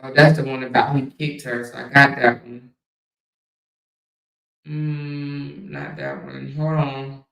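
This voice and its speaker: A woman's voice: a bass voice, little pitch movement, takes it slowly, vocal fry, long pauses, fairly bright tone, far from the mic. A woman hosting a casual commentary livestream, talking bluntly and profanely and firing rhetorical questions at her viewers. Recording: echoey room, voice somewhat off mic.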